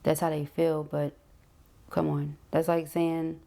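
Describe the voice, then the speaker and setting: A woman talks through a tarot reading. Her voice sits low and very gravelly, with a mellow, dark tone. She stays chatty and emphatic and keeps turning to her viewers. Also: fairly even intonation, moderate pace. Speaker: tarot reader. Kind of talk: casual spoken tarot reading.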